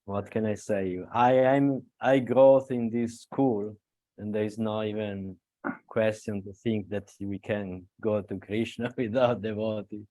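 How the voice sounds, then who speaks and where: A man with an Italian accent speaks earnestly and slowly in a lowish voice, halting and restarting with small laughs. The sound is dry and close, with no room around it. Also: steady tone, warm tone, no room sound. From Italy. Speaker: devotee speaking at a gathering. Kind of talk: devotional talk on a video call.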